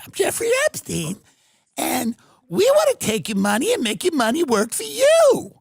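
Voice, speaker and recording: A man's voice: gravelly, dry recording, studio quality, heavily acted. A creepy, childlike con man's squeal. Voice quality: weird high childlike voice. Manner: pushy salesman pitch, shrill and insistent. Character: creepy childlike-voiced male con man.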